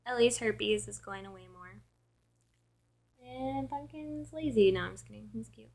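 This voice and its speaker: A woman's voice: fairly high pitch, unhurried, creaky, a little mellow. A tired young woman who works at a call center, chatting casually in a vlog and filling her talk with "like.".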